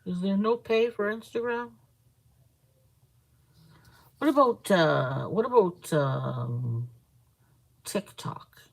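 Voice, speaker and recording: A woman's voice: mid-range voice, lively intonation, slow, vocal fry, long pauses, low-quality recording. A woman hosting a casual live stream, rambling and chatting with viewers as she reads their comments aloud. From Canada. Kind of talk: casual live-stream chat while crafting.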